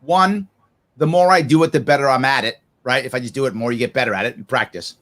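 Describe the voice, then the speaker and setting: A man in his forties, a guest on a podcast interview, talking off the cuff in an animated way, laughing often and acting out other people's voices. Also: medium pitch, fast talker.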